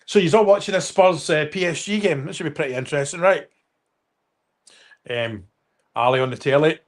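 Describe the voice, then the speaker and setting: A man's voice: on the high side, brisk. A Scottish man hosting a casual livestream, rambling and swearing as he reads out viewer comments. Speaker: livestream host.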